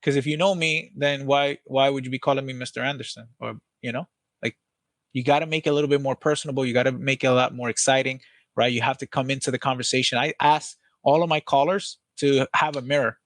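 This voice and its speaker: A man talking as a podcast guest about training salespeople, energetic and blunt, swearing casually in relaxed chat. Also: mid-range voice, fast talker, no room sound.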